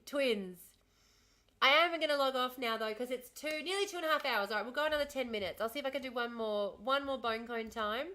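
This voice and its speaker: A woman's voice: sits high, brisk, sharp tone. A woman in her thirties with an Australian accent, chatting casually with viewers on her livestream. She rambles, answers the chat and laughs often. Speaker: livestream host.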